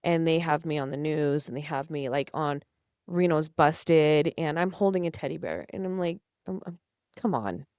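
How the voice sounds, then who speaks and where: A woman's voice: low-pitched, steady tone, normal speed, darkish tone, clean tone, no echo, clean studio sound. A young woman, a podcast guest, telling her personal story earnestly and emotionally, acting out past conversations. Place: studio.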